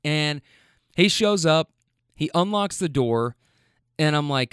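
Male storyteller, casual and rambling, smooth resonant voice, swears freely. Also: fairly high pitch, lively intonation, slow pace, fairly bright tone, no room sound, studio quality. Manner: rambling with fillers, stammers and swearing.

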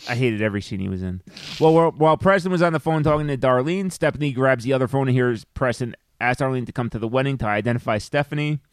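Male podcast co-host, average pitch, dry close-mic sound, walks through the plot with deadpan asides. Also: fast, clean tone, no room sound. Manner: recaps the plot in long stretches, dry asides. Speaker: podcast co-host recapping a film. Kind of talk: casual chat.

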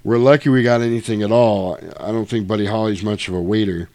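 A man's voice: lowish voice, fairly even intonation, fast talker, warm tone, dry recording. A man in casual chat, retelling a film scene, acting out the dialogue and swearing freely.

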